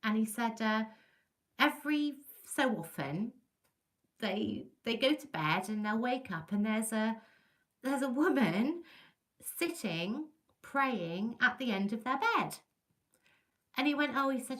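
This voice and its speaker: A woman from England chatting on a livestream, telling ghost stories in a chatty, animated way and greeting viewers by name. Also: a little high, measured pace. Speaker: livestream host. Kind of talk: casual livestream chat.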